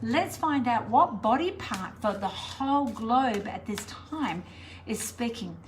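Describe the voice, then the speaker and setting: A woman's voice: fairly high pitch, animated, unhurried, slight background noise, rough recording. A middle-aged Australian woman, a spiritual teacher, chatting casually to camera, meandering with lots of fillers. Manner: chatty, meandering, warm and encouraging with many fillers.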